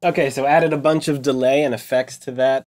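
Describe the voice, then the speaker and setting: A young man talking casually as he works in his home music studio, thinking out loud about each step of composing. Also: mid-range voice, a little fast. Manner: relaxed, thinking aloud while composing. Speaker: music composer and video host. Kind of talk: casual studio vlog narration.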